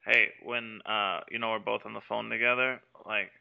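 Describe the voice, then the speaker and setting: A man hosting a casual podcast, teasing a caller loudly and joking around. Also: fairly low pitch, fairly even intonation, normal speed, gravelly, phone-quality sound. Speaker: podcast host. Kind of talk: casual podcast chat with prank phone calls.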